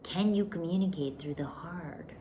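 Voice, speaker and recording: With a low, warm voice and a moderate pace, a woman hosts a relationship podcast over slight background noise. Her coaching monologue is intimate and emphatic, with the listener called "baby" and whispers used for emphasis.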